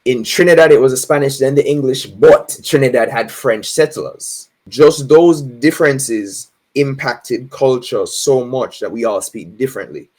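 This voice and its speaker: A Jamaican man, a guest in a casual interview, explaining things in a relaxed way with frequent laughs and "right?" tag questions. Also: medium pitch.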